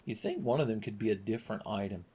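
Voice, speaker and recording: A man's voice: on the low side, lively intonation, fast talker, dark tone, a little hiss or hum. A man commentating his video game play with crude, sarcastic jokes. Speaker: gaming channel host.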